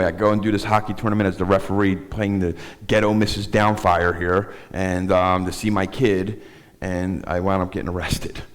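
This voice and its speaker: A middle-aged man giving a personal testimony as a guest speaker in a synagogue, rambling and halting with many restarts. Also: deep voice. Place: synagogue sanctuary. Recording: long hall reverb.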